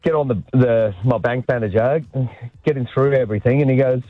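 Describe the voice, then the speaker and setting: A man in his thirties with an Australian accent calling in to a radio show, telling a story with animated energy. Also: mid-range voice, a little fast, no room sound, faint music behind. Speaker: caller. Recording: dry tinny phone line.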